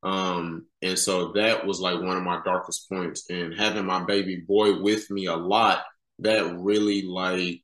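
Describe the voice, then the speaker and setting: Podcast guest, man in his thirties, laid-back slangy storyteller, low voice. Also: level tone, a little slow, a bit bright. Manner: casual slangy talk, many "you know" fillers. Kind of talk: candid conversational storytelling. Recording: roomy echo.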